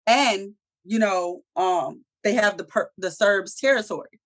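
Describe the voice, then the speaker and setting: A woman with a mid-range voice recaps a TV episode at a measured pace, swearing freely and acting out the characters' lines. She's a TV show reviewer, and her storytelling is slangy and profane, full of acted-out quotes.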